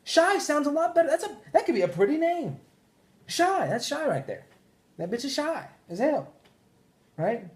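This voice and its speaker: A man's voice: very high-pitched, sing-song, normal speed, pauses often. A man hosting a podcast, ranting casually and profanely, with mock voices for the people he quotes. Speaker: podcast host. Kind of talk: casual chat.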